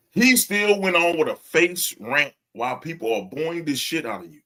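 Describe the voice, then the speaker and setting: Man, podcast co-host, casual chat, profane, animated rant, laughs often. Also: on the high side, a little slow.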